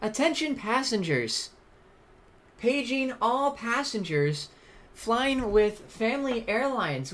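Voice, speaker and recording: A streamer putting on the voice of a polite airline gate announcer, giving formal, measured announcements. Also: medium pitch, fairly bright tone, voice pushed up. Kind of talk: mock airport announcement.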